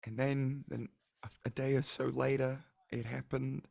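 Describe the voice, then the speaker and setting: A man voicing a remorseful young woman who confesses and apologizes through tears, his voice pushed up high and pleading. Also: little pitch movement, moderate pace, gravelly, a little mellow. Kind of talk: voicing a character in a tabletop game.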